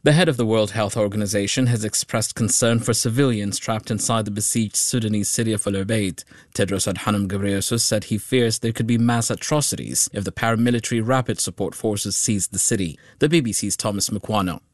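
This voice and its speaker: A man reading a formal newscast in a steady voice. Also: fairly low pitch, brisk, dry recording, studio quality. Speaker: newsreader.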